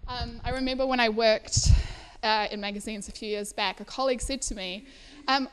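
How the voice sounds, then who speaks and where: A woman's voice: fairly high pitch, fairly even intonation, fairly quick, hardly any pauses, a bit bright, smooth. A woman in her thirties from South Africa, telling a personal story to a live audience at an indoor event, chatty and laughing often between fillers.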